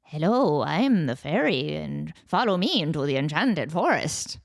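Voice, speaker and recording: A woman voicing a brash female fairy in a deep, flat, deadpan voice for a video game audition. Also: unhurried, vocal fry, exaggerated voice. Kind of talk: audition reading.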